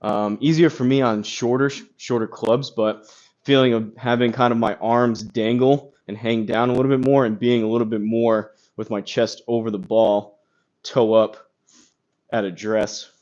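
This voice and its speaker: A man's voice: medium pitch, flat delivery, moderate pace, darkish tone. A man casually chatting on a golf live stream, rambling with lots of fillers and reading chat comments aloud, recorded on a phone. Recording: slightly dull phone audio with crackle.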